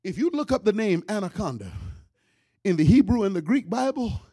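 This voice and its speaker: A man telling a comic story in an animated way, with loud outbursts. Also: sits high, fairly quick, slightly rough, no echo, studio quality. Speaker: comedian. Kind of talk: comedic storytelling.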